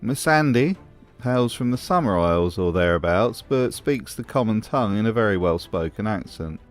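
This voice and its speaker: A man's voice: fairly low pitch, expressive, normal speed, soft background music. Dry, mocking male commentator. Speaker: video essay host. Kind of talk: scripted commentary voice-over.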